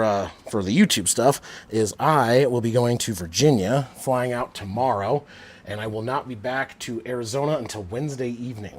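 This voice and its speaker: A man around forty, chatting casually and rambling as the host of a live football stream, talking into a Bluetooth headset. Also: mid-range voice. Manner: chatty, rambling, many fillers.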